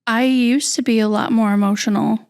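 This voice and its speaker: A woman guest on a podcast, telling a personal story in a halting, candid, soft-spoken way. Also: a little high, steady tone, clear, resonant tone.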